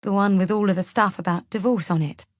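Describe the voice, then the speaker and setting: A woman voicing a worried young husband who talks softly and pleadingly. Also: medium pitch, steady tone, fairly quick, no echo, studio quality, lightly acted.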